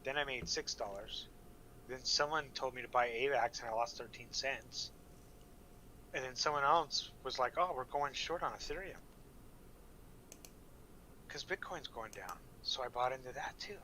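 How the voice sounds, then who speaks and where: A man's voice: mid-range voice, moderate pace, sharp tone, slight background noise, low-quality recording. A young man from Montana hosting a casual crypto livestream, rambling and swearing between his friends' jokes. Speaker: livestream host.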